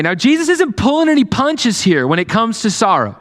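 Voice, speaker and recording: A man's voice: extremely high pitch, sing-song, fairly quick, fairly bright tone, big-room sound. A man preaching a sermon, reading scripture and explaining it casually, with fillers and growing passion. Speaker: pastor. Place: church sanctuary.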